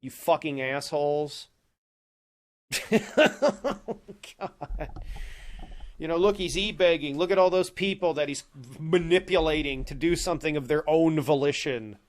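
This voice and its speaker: A fairly high-pitched man talks at a moderate pace as he hosts a livestream from his apartment home office. His rant into the desk mic is heated and laced with constant swearing.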